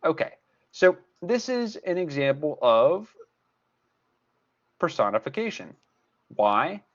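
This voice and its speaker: A man's voice: on the high side, sing-song, slow pace, lo-fi sound. A man tutor explaining a lesson step by step, repeating key points with emphasis. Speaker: math tutor. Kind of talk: recorded class lesson.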